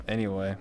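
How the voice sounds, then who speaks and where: A man co-hosting a live stream, making quiet, joking asides in casual chat. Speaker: stream co-host.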